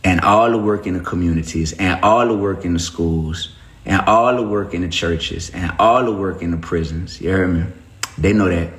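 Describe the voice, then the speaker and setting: A man speaks on a phone livestream in a fairly low voice. He presses his points emphatically, like a preacher, and breaks off to greet viewers. The room adds a noticeable echo. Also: normal speed. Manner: preachy, emphatic, shout-outs to chat. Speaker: rapper on a livestream. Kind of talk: casual livestream talk to viewers.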